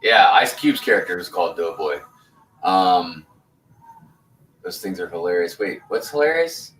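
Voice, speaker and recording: A man's voice: low voice, expressive, unhurried, fairly bright tone, reverberant, distant mic, a little hiss or hum, poor audio. A man in his forties hosting a casual livestream, rambling in a laid-back way, laughing easily and reading chat comments aloud. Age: 40s. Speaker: host of a building livestream.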